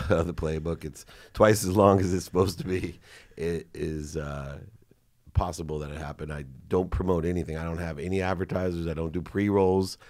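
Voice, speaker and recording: A man's voice: very deep voice, a little mellow, no echo, studio quality. A man hosting a podcast, heartfelt and effusive as he praises his guest. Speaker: podcast host. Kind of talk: emotional interview sign-off.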